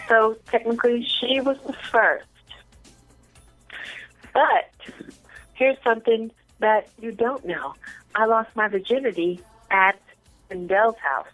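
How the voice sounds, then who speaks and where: A woman guest telling animated, profane stories in a casual interview, often bursting into laughter. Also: a little high, slow pace, long pauses, no room sound, faint music behind, poor audio. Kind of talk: casual storytelling.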